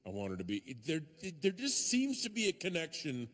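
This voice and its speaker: On a large theater stage with a handheld mic, a male stand-up comedian delivers his set in a fairly high, wildly lively voice that climbs into shouted bits. He talks fairly quickly, and his voice rings through the hall with a long reverb tail.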